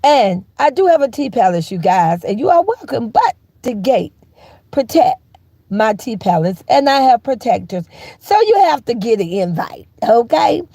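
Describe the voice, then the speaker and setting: A woman's voice: very animated, moderate pace, dark tone, no echo. A woman hosting a casual live stream, sassy and teasing, calling listeners baby and honey and laughing often. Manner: laughs often, jumps into high squeals. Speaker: host of a live gossip channel.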